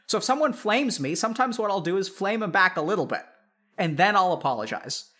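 A man speaks in a notably high voice to a live chat audience. He is a psychiatrist and talks loosely and animatedly. He peppers his talk with "like" and calls his listeners y'all. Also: a little fast. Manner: animated, full of "like" fillers, addresses listeners as y'all.

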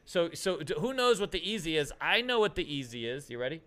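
A man hosting a casual stream, excitable and rambling, calling people "dude". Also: a little high, fairly quick. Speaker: host. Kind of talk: casual livestream chat.

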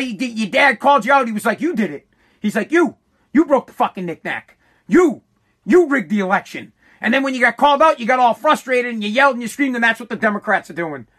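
A woman's voice: a little high, a bit bright, slightly rough. A fired-up woman ranting about politics, swearing freely and dripping with sarcasm. Her delivery is heated, and she stumbles over repeated words as her anger builds. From United States. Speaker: political commentator. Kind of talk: angry political rant.

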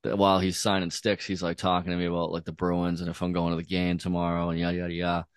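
A man's voice: low voice, monotone, fast talker, smooth, no room sound, clean studio sound. A man telling a laid-back story as a podcast host, swearing often and filling his talk with "like" and "dude". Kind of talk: casual storytelling chat.

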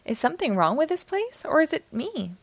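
A woman voicing a cheerful, naive male cartoon sea sponge in a high, excitable voice for a storybook. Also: fairly quick, gravelly, dry recording, heavily acted. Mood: bright, eager.

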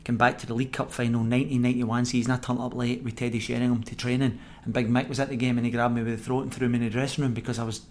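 Scottish guy, middle-aged, ex-footballer spinning yarns on a podcast, laughs a lot, normal pitch. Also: racing, few pauses, slight background noise. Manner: animated anecdote-telling, acts out quoted voices, laughs often. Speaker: former footballer guest. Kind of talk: podcast interview storytelling.

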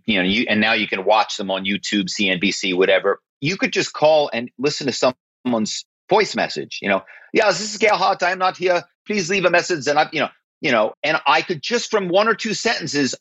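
A man's voice: medium pitch, fairly bright tone, slightly rough, dry recording. A man, a former corporate spy, telling stories as an interview guest in an emphatic way. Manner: emphatic, keeps asking "right?".

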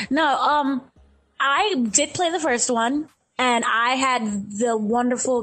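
Slow, husky woman joking along. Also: a little high, a bit bright, poor audio. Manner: playful, joking. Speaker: podcast co-host. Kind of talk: casual podcast chat.

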